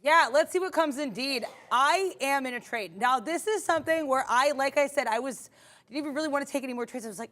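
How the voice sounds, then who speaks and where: A woman's voice: high-pitched, fast talker, a bit bright. A woman co-hosting a live trading stream, upbeat and chatty, often laughing as she talks through her trades. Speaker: day trader co-host.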